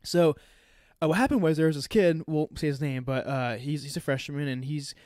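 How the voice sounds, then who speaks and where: A man's voice: on the high side, normal speed, a little mellow, dry recording, clean studio sound. A man in his twenties, a podcast co-host and youth leader, telling a story in casual chat, rambling with lots of "like" and laughing as he talks. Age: 20s. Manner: rambling, heavy use of "like", laughs while telling.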